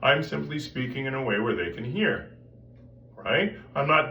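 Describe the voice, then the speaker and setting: A man teaching a vocal technique lesson, coaching the viewer directly in an animated way. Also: mid-range voice, moderate pace, far from the mic. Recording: roomy sound from off the mic with faint music.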